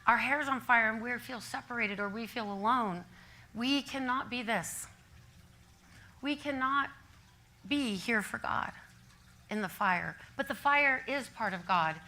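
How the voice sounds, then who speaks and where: Bright-voiced older woman preaching. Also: on the high side, low-quality recording. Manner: animated storytelling, laughing often. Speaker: minister. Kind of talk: sermon. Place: church service.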